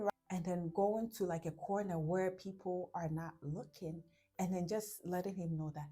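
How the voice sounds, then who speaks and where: A woman talks through relationship advice in a relaxed vlog, her voice sitting a little low. She walks through examples, slips into quoted lines, and keeps asking "right?" Soft music plays faintly underneath. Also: normal speed. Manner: explains with examples and acts out quotes, often tags "right?". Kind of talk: casual advice talk to camera.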